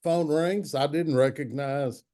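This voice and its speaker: Sixties guy swapping old football stories, mellow voice, acts out what folks said. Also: on the high side, fairly even intonation, unhurried. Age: 60s. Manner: anecdotal, acts out quotes in other voices. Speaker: longtime football writer, guest. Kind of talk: storytelling interview chat.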